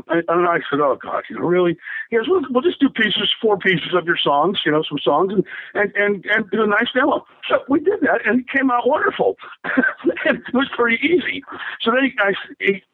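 A man with a high, light voice tells long rambling stories, chuckling and tripping over his words as he goes. It sounds like an older musician on a tinny, boxy phone line. The sound is close and completely dry. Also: breathy edge, no room sound. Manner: rambling anecdotes with frequent laughs and restarts. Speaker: rock drummer interviewee. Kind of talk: casual storytelling interview.

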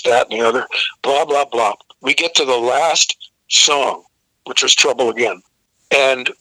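A man's voice: medium pitch, pushed and bright, no room sound, poor audio. An older man, a guest vocalist, telling profane, vivid stories in a casual interview. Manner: profane, vivid storyteller who acts out the people in his story.

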